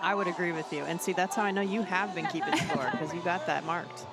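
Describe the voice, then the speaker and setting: A woman announcing play-by-play baseball commentary from a stadium booth, brisk and crisp. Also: lowish voice, steady tone, over loud music, over a noisy crowd. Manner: brisk, calls plays crisply.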